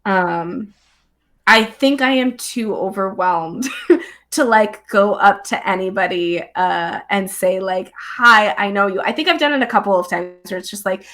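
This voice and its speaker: A young woman chatting casually as a guest, bubbly and excitable, with many fillers and frequent laughs. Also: medium pitch, a little slow. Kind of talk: casual chat. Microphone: streamed live remote talk.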